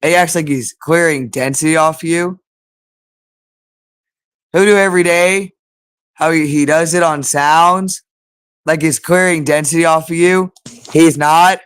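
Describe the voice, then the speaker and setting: A man's voice: a little high, fairly even intonation, unhurried, long pauses, fairly bright tone, clear, resonant tone. A man delivering an agitated, rambling monologue, repeating himself and swearing often. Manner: agitated, repetitive, profane.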